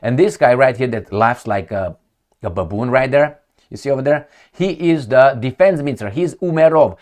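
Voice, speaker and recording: A man giving opinionated commentary on news headlines, mocking and emphatic, often repeating himself for effect. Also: mid-range voice. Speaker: political commentator.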